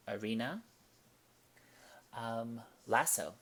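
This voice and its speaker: A Spanish teacher gives a classroom-style language lesson at an unhurried, measured pace, explaining each point deliberately and reading example sentences with care. His voice sits in a man's ordinary middle range and has a fairly bright tone.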